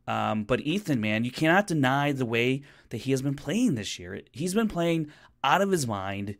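A man co-hosting a podcast in casual chat, animated and often restarting his sentences. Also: medium pitch, normal speed. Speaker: podcast co-host.

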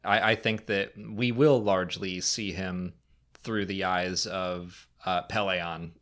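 A man co-hosting a casual fan podcast, talking through questions and often slipping into quick, playful impressions. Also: low voice. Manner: animated, jumps into funny impressions. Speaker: podcast co-host.

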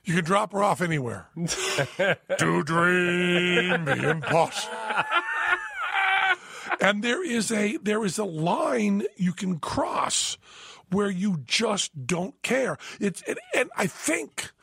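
A man co-hosting a podcast in casual chat, a lively storyteller who acts out voices, with a gravelly, husky voice. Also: sits high, slow pace. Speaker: podcast co-host. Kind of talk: casual chat, telling an anecdote.

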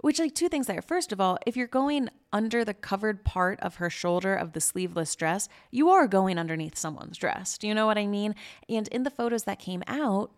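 Indignant, gravelly-voiced woman podcast host. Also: medium pitch, expressive, moderate pace. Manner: indignant, sarcastic, swearing. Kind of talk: casual commentary.

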